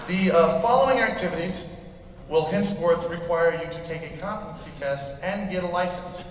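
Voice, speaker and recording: High-voiced ranting male comic. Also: fairly quick. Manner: mock-pompous, crude, ranting. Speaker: stand-up comedian. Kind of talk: ranting stand-up set. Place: large convention hall stage. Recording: echoey hall recorded from far off, crowd noise. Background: audience laughing and cheering.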